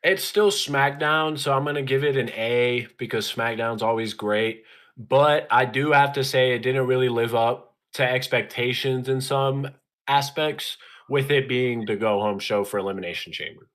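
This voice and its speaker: A man's voice: mid-range voice, moderate pace, a bit bright. A man co-hosting a casual wrestling podcast, giving his opinions in a laid-back, hedging way. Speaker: podcast co-host.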